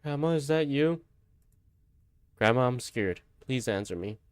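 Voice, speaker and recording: A man's voice: mid-range voice, lively intonation, a little slow, smooth, dry recording. A man giving casual commentary while playing a horror game, jumpy and swearing. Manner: jumpy, swearing, nervous laughs. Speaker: gamer streaming a horror game.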